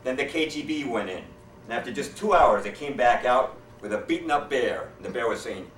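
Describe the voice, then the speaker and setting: A man doing a stand-up routine, telling jokes with deadpan setups and quoted character voices. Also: medium pitch, brisk, slight background noise. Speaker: stand-up comedian. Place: hotel meeting room. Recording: echoey hall from far off. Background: audience laughter.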